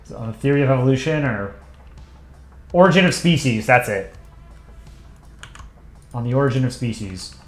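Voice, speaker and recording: Man, stream host, easygoing and rambling while he draws, mid pitch, roomy echo, soft music under him. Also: normal speed, pauses often. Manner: rambling, offhand, chuckling, thinking aloud. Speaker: livestream host drawing. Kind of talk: casual livestream chat while drawing.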